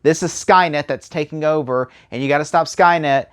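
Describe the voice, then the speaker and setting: A man giving a casual spoken movie review, rambling and animated, full of fillers and restarts. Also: on the high side, fairly quick, smooth.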